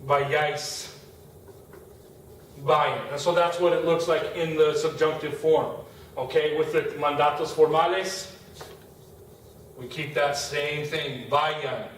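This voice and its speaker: A man's voice: a little high, fairly even intonation, slow pace, pauses often, a bit bright. A middle-aged man teaching Spanish grammar in a classroom, talking casually as he writes on the board. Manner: casual, talks while writing on a board. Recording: echoey room, far from the mic, faint noise.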